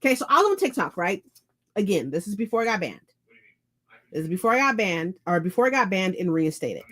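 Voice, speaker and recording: A woman hosting a book vlog, chatting casually to her viewers at home, animated and profane, repeating phrases for emphasis. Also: medium pitch, a little fast. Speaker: book vlogger host. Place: indoors at home.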